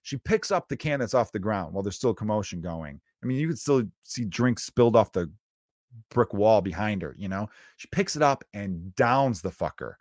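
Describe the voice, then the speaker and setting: A man's voice: lowish voice, expressive, moderate pace, a little mellow, dry recording, clean studio sound. A young man hosting a solo podcast, talking casually and bluntly, with plenty of swearing as he tells a story. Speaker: podcast host.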